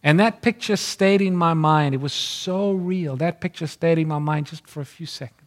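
A man preaching a sermon, reading scripture aloud and then telling a personal story in an earnest, storytelling way that sinks to a hush at tender moments. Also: on the high side, normal speed.

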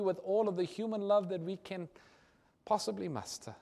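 A man preaching a sermon, acting out quoted dialogue and swinging from loud declarations to hushed, quiet lines. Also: high-pitched, fairly even intonation, normal speed, creaky.

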